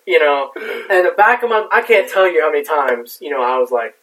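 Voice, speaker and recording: A man's voice: a little high, very animated, fairly quick, fairly bright tone. A man telling a war story in casual talk, rambling and swearing with lots of fillers. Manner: profane, rambling with many fillers. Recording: distant mic.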